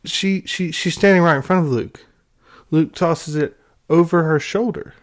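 A man ranting in a sarcastic, exasperated commentary, with halting restarts and repeated words. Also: on the high side. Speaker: film commentary vlogger.

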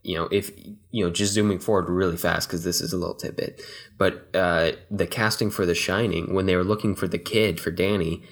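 A man's voice: sits low, fairly even intonation, brisk. A young man who grew up in Texas, co-hosting a casual film podcast, rambling with lots of fillers and restarts. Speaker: podcast co-host.

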